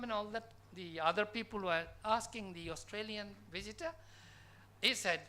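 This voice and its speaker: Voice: medium pitch, moderate pace, bright, forceful tone. A conference speaker from Bangladesh giving an academic lecture in a college hall, posing emphatic rhetorical questions to the audience.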